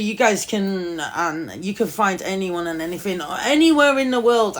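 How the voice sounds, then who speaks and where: Swearing woman chatting on a livestream. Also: medium pitch. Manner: swears a lot, animated, calls people darling. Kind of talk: casual livestream chat.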